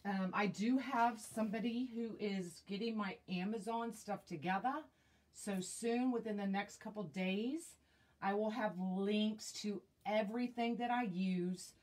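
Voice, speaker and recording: Slow-talking woman crafter. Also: mid-range voice, darkish tone. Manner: chatty, greets viewers, thinks aloud with fillers. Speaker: wreath maker hosting a live stream. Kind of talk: casual live craft demonstration. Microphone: tablet mic.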